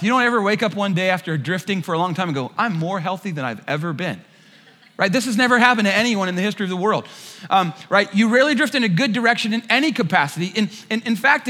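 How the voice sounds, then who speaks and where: A man preaches in a large church, and his high, bright voice rings out with a long reverb. He tells stories with lively energy and acts out the lines of the people in them, sometimes shouting them. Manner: animated storyteller, acts out quotes with shouts. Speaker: pastor. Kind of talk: sermon with a humorous personal story.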